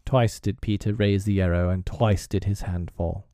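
A man narrating a storybook chapter with expressive delivery. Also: deep voice, moderate pace, no room sound, clean studio sound. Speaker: audiobook narrator.

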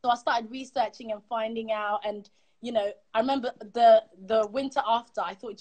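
A young woman telling a personal story as a guest, animated and quick, acting out the voices of others. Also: fairly high pitch. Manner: animated, quick, acts out quotes.

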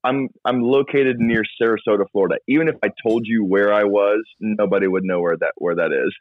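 A man's voice: on the low side, steady tone. A man with a Southern American accent, a youth and children's pastor, talking easily as a podcast guest. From southern United States. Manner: friendly, easygoing, quick to laugh. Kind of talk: casual interview. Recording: tinny phone-like call audio.

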